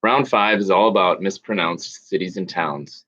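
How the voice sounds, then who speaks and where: A man hosting an online trivia night, reading out questions slowly with pauses and fillers. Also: deep voice, bright, forceful tone. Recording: dull lo-fi audio.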